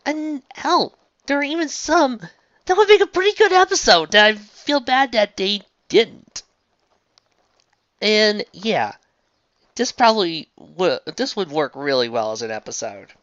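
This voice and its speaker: A woman's voice: unhurried, dry recording, muffled recording. A woman reviewing an episode in easygoing, chatty talk. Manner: chatty, easygoing, with lively swings in pitch. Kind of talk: casual review chat.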